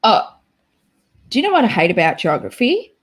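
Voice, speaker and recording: A woman's voice: medium pitch, huge pitch swings, normal speed, breathy edge. A young Australian woman hosting a casual livestream, chatty and self-deprecating as she reacts to her chat. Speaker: livestream host.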